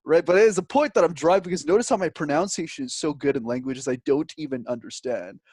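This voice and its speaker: Canadian guy on a podcast, jokey animated storyteller, dry close sound. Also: on the high side, fast, slightly rough, dry recording. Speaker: guest. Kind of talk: casual interview chat.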